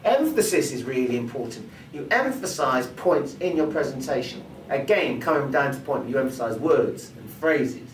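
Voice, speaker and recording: A man's voice: medium pitch, animated, moderate pace, few pauses, a little hiss or hum. A man teaching presentation skills who acts out vocal examples as he explains them. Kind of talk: teaching with spoken demonstrations. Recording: roomy sound from a distance, faint ambience.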